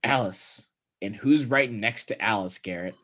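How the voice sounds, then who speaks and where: A man's voice: lowish voice, a little slow, fairly bright tone. A young man co-hosting a podcast, recapping a movie in loose, profane casual chat and acting out the characters' lines. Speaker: podcast co-host.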